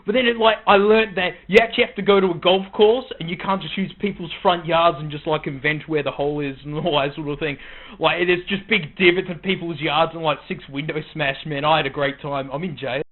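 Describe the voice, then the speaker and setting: A man's voice: on the high side, fairly even intonation, fairly quick. An Australian man rambling through a slangy comic story. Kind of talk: comic monologue. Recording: tinny phone-like sound.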